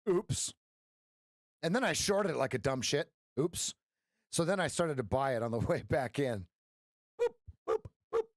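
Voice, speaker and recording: A man's voice: on the high side, lively intonation, moderate pace, dry recording, clean studio sound. A man coaching viewers through trades on a live stream, playful and jokey, breaking into sound effects. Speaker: trading coach. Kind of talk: live-stream trading commentary.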